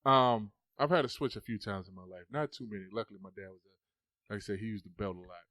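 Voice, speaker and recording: A young adult man hosts a podcast, telling stories in casual chat with a lowish voice at a fast pace, and there's no room sound. He's an animated storyteller who swears freely and acts out the quotes.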